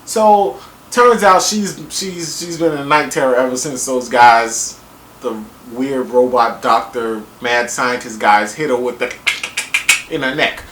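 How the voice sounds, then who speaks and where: A young man giving a casual, jokey review of a TV episode, rambling with lots of fillers and sudden jumps in pitch. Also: fairly even intonation, measured pace, fairly bright tone. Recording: echoey room with faint background hiss.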